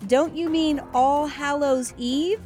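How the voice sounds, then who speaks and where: A woman's voice: high voice, slow, darkish tone, soft background music, voice pushed up. A woman voicing Alice, a prim, polite young girl who speaks in a proper, earnest way.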